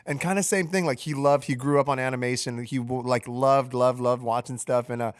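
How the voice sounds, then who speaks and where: A man's voice: mid-range voice, fairly even intonation, clean tone, no echo, clean studio sound. A man hosting a podcast, chatting casually and rambling through a story with lots of cursing. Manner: fast, rambling, profane. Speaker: podcast host.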